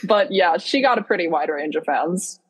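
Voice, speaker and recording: A young woman tells her story with lively excitement, her voice a touch low and husky. She talks casually with a co-host, racing through the exciting parts. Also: moderate pace, low-quality recording. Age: young adult. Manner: excitable storyteller, animated retelling. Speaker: podcast co-host. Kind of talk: casual chat.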